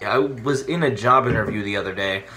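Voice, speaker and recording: A man delivering short pun jokes one after another, with quick voiced asides. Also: on the low side, background noise. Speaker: comedy video host. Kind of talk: deadpan one-liner joke delivery.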